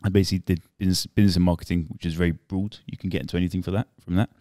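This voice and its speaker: A man co-hosting a casual podcast chat, relaxed and rambling, swearing casually and laughing. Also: low voice, very fast, no echo, studio quality. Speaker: podcast co-host.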